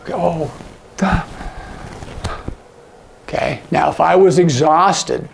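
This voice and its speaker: A man teaching sign language in a casual, animated way, acting out example lines with big jumps in his voice. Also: fairly high pitch, slow pace, creaky, a little hiss or hum. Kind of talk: casual instructional talk.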